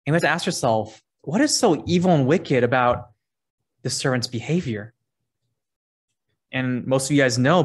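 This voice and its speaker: A man preaching a sermon, earnest and conversational, reading scripture verses aloud between his points. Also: medium pitch. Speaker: pastor.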